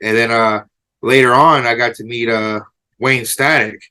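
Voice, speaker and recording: A man, a band member guest, telling excited backstage stories in a casual interview, laughing along. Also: mid-range voice, measured pace, clean tone. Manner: excited storyteller, laughing, imitates shouts in anecdotes.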